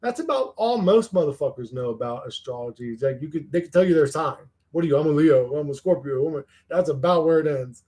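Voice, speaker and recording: A man's voice: a little high, expressive, fast, hardly any pauses, mellow. A man hosting a casual livestream, reading chat comments and rambling, swearing freely and repeating words as he starts sentences.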